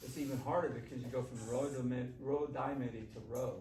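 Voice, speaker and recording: A man's voice: medium pitch, fairly even intonation, fast, darkish tone. A man talks a group of students through a breathing exercise, easygoing and encouraging. His voice comes from some distance off in a roomy classroom, with a faint hum of room noise behind him. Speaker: shakuhachi teacher. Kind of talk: workshop instruction.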